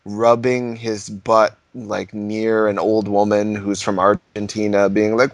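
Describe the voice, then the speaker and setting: A man at home telling rambling, animated stories in a casual podcast chat. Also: on the low side, measured pace, no room sound. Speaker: podcast co-host.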